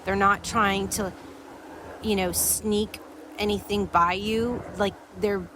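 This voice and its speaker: A woman hosting a recovery support show, telling a story in a chatty, animated way and addressing listeners directly. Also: medium pitch, slow, background noise. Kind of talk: storytelling to an audience.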